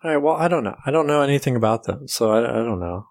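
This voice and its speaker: Lively skeptical man questioning. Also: medium pitch, fast talker, vocal fry. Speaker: improv podcast co-host. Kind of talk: casual improvised chat.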